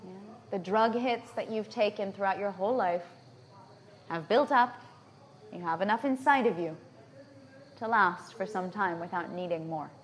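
A woman's voice: mid-range voice, moderate pace, long pauses. Female lecturer, mid-range voice, conversational teaching style, peppers points with "right?" and "yeah?". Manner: checks in with listeners with frequent tag questions. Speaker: natural hygienist giving a lecture. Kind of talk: lecture to a live audience. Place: lecture venue in Bali.

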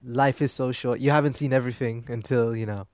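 A man's voice: mid-range voice, fairly even intonation, fairly quick, darkish tone, no room sound, studio quality. A man hosting a music commentary show, talking casually and rambling with fillers and restarts. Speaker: podcast host.

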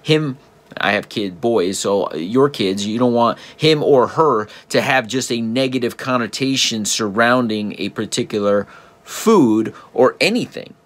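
A man's voice: medium pitch, expressive, unhurried. A man hosting a podcast, telling a casual story about parenting and talking straight to his listeners with rhetorical questions. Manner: repeats and restarts words. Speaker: podcast host and father.

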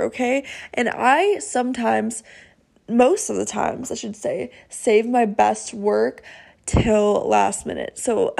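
A young woman hosting her own podcast, telling a story in a chatty, animated way and often checking in with "okay?". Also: fairly high pitch, creaky. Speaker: podcast host. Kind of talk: casual storytelling monologue. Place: home, seated in a noisy chair.

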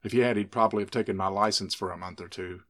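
A man's voice: fairly low pitch, steady tone, fast, a bit bright, close to an everyday voice. A man voicing a swaggering, teasing young man, the sheriff's son, in a spoken story. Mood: bragging.

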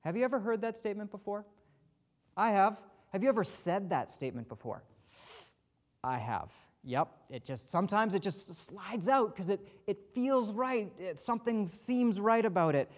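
Animated and high-pitched, a man delivers a conversational sermon as pastor at a moderate pace. His manner is casual: he performs the voices of the people he quotes and adds touches of humor at his own expense.

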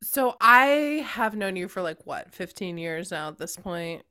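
Brief: female podcast co-host, teasing, laughs easily, lively pitch. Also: a little slow, clear, resonant tone. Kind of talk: casual chat.

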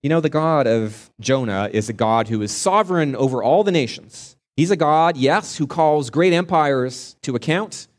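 A man's voice: fairly high pitch, animated. Earnest male pastor telling a story. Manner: earnest storytelling, drawn-out emphasis. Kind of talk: sermon.

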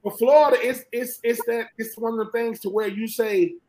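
A man from Georgia with a Southern American accent, a former college football player talking football as a guest in an animated, emphatic way and often repeating himself. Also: extremely high pitch, moderate pace, poor audio. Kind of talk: casual sports talk.

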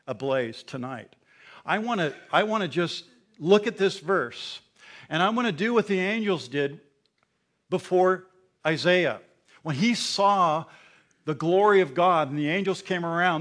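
A middle-aged man preaches with a voice that sits a little high for a man, swinging from hushed asides to loud, ringing proclamations. He repeats and restarts words as his fervor builds. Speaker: pastor. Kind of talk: sermon.

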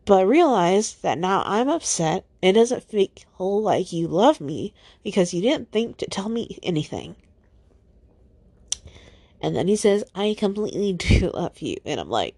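A woman's voice: mid-range voice, very animated, unhurried, dark tone, breathy edge, dry recording. A woman hosting a solo podcast, upset and near tears, sighing and swearing as she reads out text messages. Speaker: podcast host.

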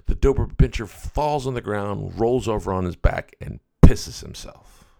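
This middle-aged podcast host tells a casual story in a folksy, rambling way, sprinkling in plenty of "you know" asides. His voice is lowish, gravelly and warm, moving at a normal speed.

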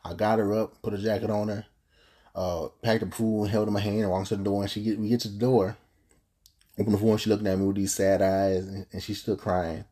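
A man's voice: on the low side, flat delivery, fairly quick, dark tone, slightly rough. A young man hosting a podcast, telling a personal story emphatically and often repeating and restarting his words. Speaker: podcast host.

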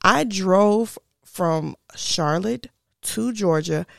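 A young woman hosting a podcast, telling a personal story in a chatty, animated way and talking straight to her listeners. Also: mid-range voice, very slow, vocal fry, no echo, studio quality. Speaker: podcast host. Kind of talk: casual storytelling.

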